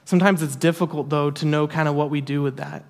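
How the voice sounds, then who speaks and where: A man's voice: fairly high pitch, steady tone, fast talker, darkish tone. A man preaching a sermon in an earnest, emphatic way, repeating key phrases for weight. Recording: long hall reverb.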